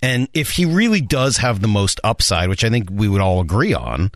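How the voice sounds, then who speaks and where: Male co-host, lively pitch, dry close sound, probing questions. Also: moderate pace, no echo. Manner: probing, thinking aloud with restarts. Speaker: sports radio co-host. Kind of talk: casual sports talk.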